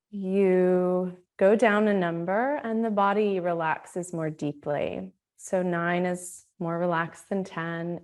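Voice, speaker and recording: A woman leads a guided meditation with a calm, soothing delivery. Her voice sits fairly low and she takes her time, leaving words room to settle. The tone stays gently inviting throughout. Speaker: meditation teacher. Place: Australia.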